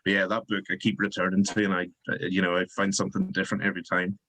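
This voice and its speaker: A man with a fairly low voice talks as a guest author on a book chat. He hesitates often, filling gaps with ums and likes. The recording is dry and close. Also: level tone, rapid-fire, a bit bright, no room sound, poor audio. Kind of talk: casual chat.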